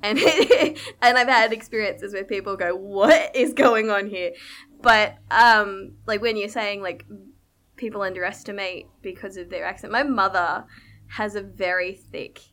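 A young Australian woman, a podcast guest, telling stories in an animated way with frequent laughter. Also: mid-range voice, measured pace. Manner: animated storyteller, laughs often. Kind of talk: casual podcast chat.

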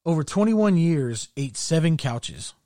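A man in casual chat, telling crude stories with glee and dropping his voice low for the punchlines. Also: big pitch swings, measured pace, dark tone, dry recording, clean studio sound. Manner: crude, gleeful storytelling, drops voice low for punchlines.

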